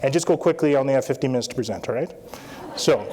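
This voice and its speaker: A man gives a conference talk to a live audience. He speaks at a middle pitch and often stops to check in with the room. His tone is that of a practicing doctor presenting to colleagues. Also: rapid-fire, warm tone, slight background noise. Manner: interactive, repeats "all right?" often. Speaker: anesthesiologist presenter.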